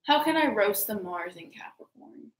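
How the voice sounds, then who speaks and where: A woman in a casual astrology chat, relaxed and thinking aloud with many fillers. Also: medium pitch, moderate pace. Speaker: astrology reader. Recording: roomy echo.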